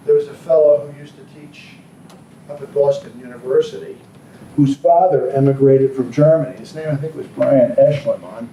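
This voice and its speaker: A man's voice: mid-range voice, warm tone. A man giving a political science lecture in a classroom, rambling with frequent ums and asides. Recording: echoey classroom from far off.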